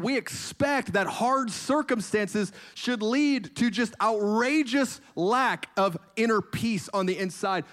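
A man's voice: sits high, a bit bright. A man preaching a sermon in an earnest voice, building emphasis through repeated phrases.

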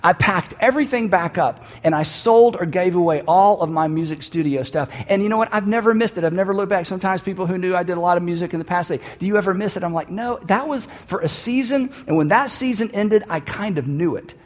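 A man's voice: high-pitched, fast, hardly any pauses, long reverb tail. A man preaching a sermon, telling a personal story and leading the listeners to repeat a line together. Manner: storytelling, building to emphatic calls for the audience to repeat. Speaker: pastor.

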